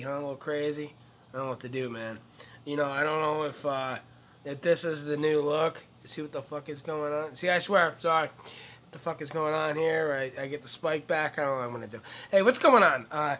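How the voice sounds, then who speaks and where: Profane, bright-voiced ranting comedian man. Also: on the high side. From upstate New York. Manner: swearing, rambling, heated. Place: in or near a truck.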